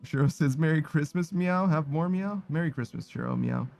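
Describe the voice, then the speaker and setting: His voice sits on the high side, darkish with vocal fry, at a moderate pace, as this weary streamer casually reads viewer messages. He laughs and swears a lot and ends nearly every sentence with "meow." Faint music plays in the background.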